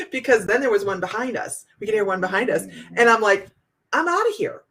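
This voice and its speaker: A woman from Ohio, a psychic host telling viewers a story in a casual way, animated and laughing often. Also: mid-range voice, a little fast.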